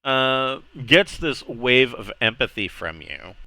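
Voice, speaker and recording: A man narrating a tabletop game as game master, halting with many uh's and restarts. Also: medium pitch, expressive, pushed and bright, dry recording, poor audio.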